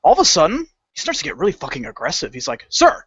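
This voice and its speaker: Male podcast co-host, crude storyteller, bouncy pitch, dry close sound. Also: rapid-fire, slightly rough, dry recording. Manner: animated, profane, acts out quoted lines. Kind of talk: casual storytelling. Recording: dull lo-fi podcast audio.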